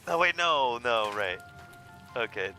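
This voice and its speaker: A man's voice: medium pitch, unhurried, faint music behind. Goofy young man reading a story game. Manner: goofy, self-mocking, animated. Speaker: let's play host. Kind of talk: reading a story game aloud with casual commentary.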